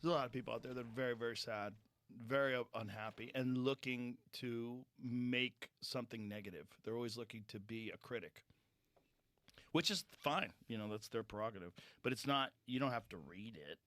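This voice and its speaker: A man hosts a podcast and talks in a calm, matter-of-fact way. He sounds relaxed and swears casually. His voice sits in a middle register and is recorded close and dry in a studio. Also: mid-range voice, brisk, no room sound. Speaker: podcast host. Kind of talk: casual conversation.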